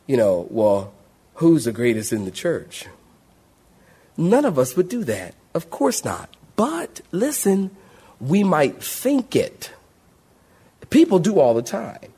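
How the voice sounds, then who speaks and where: Animated man preaching a Bible study. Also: fairly high pitch, breathy edge. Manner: animated, conversational storytelling with humor. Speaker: pastor. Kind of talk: sermon-style Bible study.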